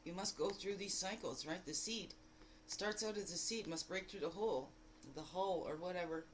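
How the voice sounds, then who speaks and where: Animated woman giving spiritual guidance. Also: normal speed, a little hiss or hum, low-quality recording. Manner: exclamatory, full of rhetorical questions and repeated phrases; animated, jumping between loud bursts and low asides. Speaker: spiritual guide. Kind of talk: daily oracle card reading.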